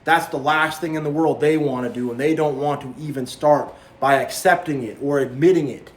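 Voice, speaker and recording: Talking briskly in a somewhat high voice, this man sounds like he's in an echoey room. As a spiritual vlogger speaking to camera, he delivers a passionate, repetitive sermon, issuing warnings and imitating others mockingly in quoted voices.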